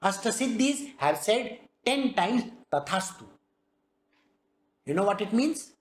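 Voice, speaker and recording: Female spiritual teacher, very animated pitch, roomy echo around her. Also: moderate pace. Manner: lively, animated teaching with rhetorical questions. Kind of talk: spiritual discourse.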